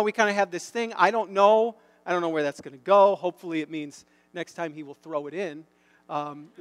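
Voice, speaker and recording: A middle-aged man preaching a sermon, telling a story and building to loud, emphatic bursts. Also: sits high. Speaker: pastor. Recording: long hall reverb.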